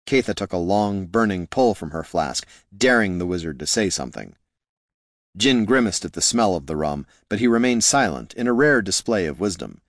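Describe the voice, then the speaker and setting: A man narrating a fantasy novel in a steady, measured way. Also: deep voice, dry recording, clean studio sound. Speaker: audiobook narrator.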